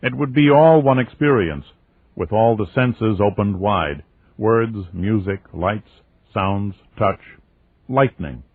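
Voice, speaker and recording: A man reading a first-person novel aloud as an audiobook, in a steady, wry storytelling manner. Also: lowish voice, slow pace, no room sound. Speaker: audiobook narrator. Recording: tinny lo-fi phone-like audio.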